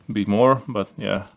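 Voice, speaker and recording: Gravelly man reviewing gear casually. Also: lowish voice. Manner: relaxed, repeats fillers like "pretty cool" and "yeah"; handles the gear while talking. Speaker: product reviewer.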